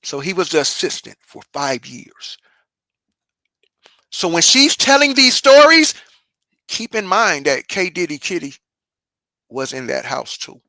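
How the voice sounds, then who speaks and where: A woman's voice: fairly low pitch, very animated, unhurried, pauses often, bright, forceful tone, dry recording. A woman hosting a reaction channel, commenting bluntly with heavy profanity and repeating her points.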